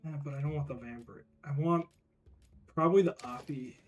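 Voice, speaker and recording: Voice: medium pitch, fairly quick, darkish tone, faint music behind. A streamer casually thinking aloud while choosing gear during a game stream, muttering half to themselves. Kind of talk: casual gaming stream commentary.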